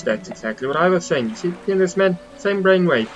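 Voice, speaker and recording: A man's voice: high-pitched, lively intonation, brisk, hardly any pauses, lo-fi sound, faint music behind. A man giving casual let's play commentary, chatty and joking, stumbling over words now and then. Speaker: gaming channel host.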